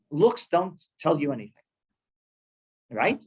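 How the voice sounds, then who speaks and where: A rabbi leads a Torah class. He is animated, and his husky voice swings widely in pitch. He speaks in a synagogue and mixes Hebrew terms into his plain English teaching. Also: rough recording. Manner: animated, with many Hebrew terms and quick laughs. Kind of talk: lively Torah class lecture.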